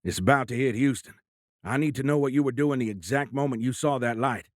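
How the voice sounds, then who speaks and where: A man voicing a middle-aged government director, gruff and urgent over a phone line, at times choked with grief. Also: medium pitch, brisk, no echo, clean studio sound, pitched above the performer's own voice, natural voice.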